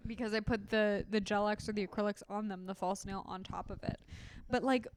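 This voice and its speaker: Smooth-voiced woman chatting casually. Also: mid-range voice, steady tone, fairly quick. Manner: chatty, teasing, trailing off. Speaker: podcast co-host. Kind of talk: casual chat.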